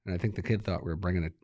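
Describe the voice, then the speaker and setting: A man's voice: sits low, creaky, a little mellow, no echo, studio quality. A man, a hockey coach talking in an interview, laid-back and rambling, laughing as he tells stories. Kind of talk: relaxed interview talk.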